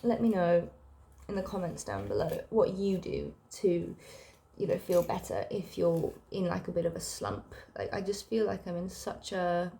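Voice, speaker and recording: A young woman vlogging casually, sick and low, rambling with lots of fillers and sighs. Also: animated, normal speed, vocal fry, dark tone. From South Africa. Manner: emotional, rambling, sighing, many fillers. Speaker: book vlogger. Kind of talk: casual personal vlog.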